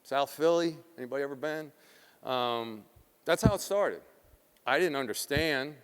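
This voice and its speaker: A middle-aged man from South Philadelphia giving a live keynote talk, animated and profane, acting out the quotes in his stories. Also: mid-range voice, measured pace, smooth, big-room sound. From South Philadelphia, USA. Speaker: keynote speaker.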